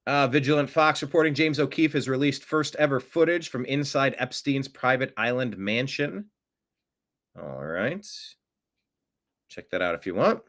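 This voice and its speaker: A man's voice: medium pitch, animated, normal speed, a bit bright. A man hosting a political news show, talking casually with wry, offhand remarks. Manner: wry, offhand, mocking asides. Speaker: political commentary show host.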